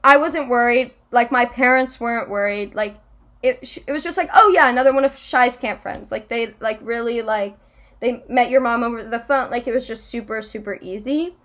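Young woman, bright tense voice, giggly, casual chat, lots of fillers. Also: on the high side, moderate pace. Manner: giggly, animated storytelling with many fillers.

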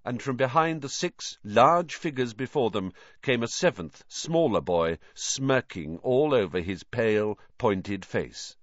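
A man narrating a novel aloud in an expressive storytelling manner. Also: medium pitch, measured pace, hardly any pauses, no room sound. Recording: dull lo-fi dry recording.

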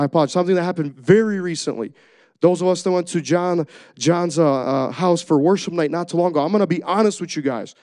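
A man's voice: high-pitched, a little mellow, no echo. Earnest young male preacher, dry sound. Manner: earnest, conversational, many restarts. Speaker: youth preacher. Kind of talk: sermon with personal testimony.

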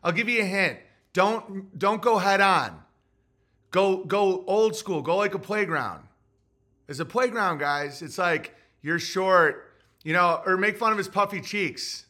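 A man hosting his own show in a loose, rambling comic rant, profane and provocative throughout. His voice sits high for a man and sounds bright and forceful. He doubles back mid-sentence and piles on jokes. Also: lively intonation, unhurried. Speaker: podcast host.

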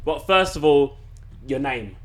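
A man's voice: fairly high pitch, animated, unhurried, fairly bright tone, soft background music. A man hosting a casual interview, asking playful, teasing questions with some slang. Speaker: podcast host. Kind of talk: casual chat.

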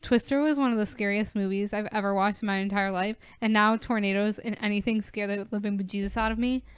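A woman's voice: medium pitch, steady tone, smooth, no echo. A woman co-hosting a podcast in casual chat, teasing her co-host and breaking into laughter. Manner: teasing, laughing, quick to jump in.

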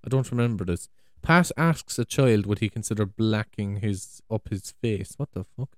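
Man, rambling vlog, cursing, exclaiming, lower-pitched voice, dry close sound. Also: moderate pace, darkish tone, no room sound. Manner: swearing, exclaiming, trailing off. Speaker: vlogger. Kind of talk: rambling casual monologue. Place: big room at home. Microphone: USB desk microphone.

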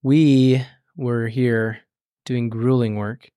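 A man's voice: medium pitch, fairly even intonation, extremely slow, dark tone, clear, resonant tone, dry recording. Joking easygoing man, dry close sound. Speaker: podcast co-host and youth minister. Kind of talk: casual chat.

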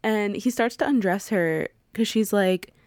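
A young woman co-hosting a podcast in casual chat, chatty and quick to laugh, with playful quoted asides. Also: mid-range voice, darkish tone, no echo, clean studio sound. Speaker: podcast co-host.

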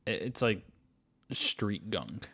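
A man with a somewhat low voice co-hosts a casual podcast. His humor is wry and sarcastic, and his sentences often trail off softly. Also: big pitch swings, takes it slowly, slightly rough. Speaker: podcast co-host. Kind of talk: casual chat.

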